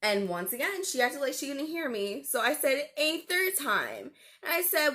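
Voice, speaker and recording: Her voice is high and bright with big swings in pitch, forceful, at a normal speed with hardly any pauses. In her storytelling vlog, this young woman animatedly and indignantly describes a call center customer call, using plenty of fillers.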